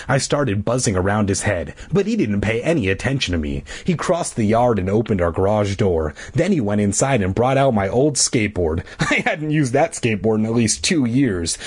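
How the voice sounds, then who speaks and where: Husky man reading a kids' novel. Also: lowish voice. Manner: adds wry asides and corrections. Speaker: reader. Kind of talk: reading a children's novel aloud with asides.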